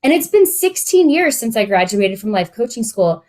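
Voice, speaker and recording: A woman's voice: fairly high pitch, big pitch swings, moderate pace, a little mellow. Chatty woman life coach, late thirties. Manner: chatty and candid, many fillers. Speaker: podcast co-host and life coach. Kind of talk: casual podcast chat.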